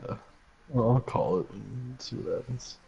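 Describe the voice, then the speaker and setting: A man's voice: medium pitch, moderate pace, vocal fry, dark tone, breathy edge. A young man chatting casually over a card game, rambling with lots of fillers and frequent laughs. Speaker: gaming video host. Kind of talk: casual gameplay chat. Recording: dull lo-fi mic with faint noise.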